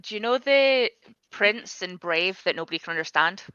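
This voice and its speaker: A Scottish woman chatting on a livestream, animated and quick to laugh and react. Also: medium pitch, clear, resonant tone, dry recording, muffled recording. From Scotland. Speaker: livestream co-host. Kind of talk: casual group chat on a livestream.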